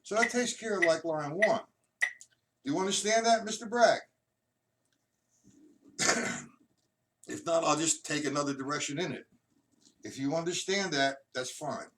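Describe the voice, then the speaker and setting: A man teaching a drum lesson on a live stream, patiently explaining and counting out loud. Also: a little high, unhurried, long pauses. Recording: distant mic, loud noisy room.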